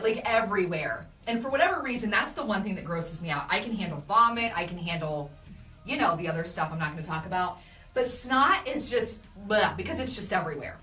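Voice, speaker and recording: A young adult woman hosting a casual live video, reading viewer comments and telling animated stories about her kids. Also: mid-range voice, echoey room, far from the mic. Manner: chatty, animated storytelling with laughs. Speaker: radio host doing a live video.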